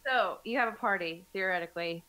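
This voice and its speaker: A woman's voice: mid-range voice, a little fast, sharp tone, no echo. A woman hosting a casual podcast chat, reading out questions playfully and laughing often. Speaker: podcast host asking the questions.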